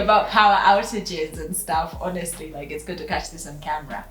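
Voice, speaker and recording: A woman's voice: low-pitched, a little fast, fairly bright tone. A woman from England co-hosting a couple's vlog in a casual, playful, joking way. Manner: playful, giggly, jokey. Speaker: vlogger co-host. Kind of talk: casual chat. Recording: roomy room echo, faint music.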